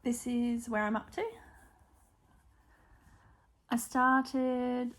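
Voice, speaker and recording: A woman's voice: on the high side, little pitch movement, extremely slow, a bit bright. An Australian woman chatting casually on her own stitching channel, showing her projects with frequent ums and small apologies. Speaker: cross-stitch vlogger. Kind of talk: casual show-and-tell chat.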